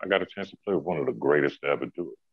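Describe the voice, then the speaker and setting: A man's voice: a bass voice, very fast, breathy edge, dry recording. A middle-aged man, a former pro basketball player, telling stories in a laid-back, laughing way with many fillers. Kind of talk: casual storytelling. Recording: dry, tinny phone-like sound.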